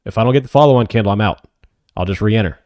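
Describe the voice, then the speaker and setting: Man, trading stream host, excitable live commentary, low-pitched, dead dry sound. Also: very fast, dry recording. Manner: excitable, cheering on trades, reading chat questions. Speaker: options trading livestream host.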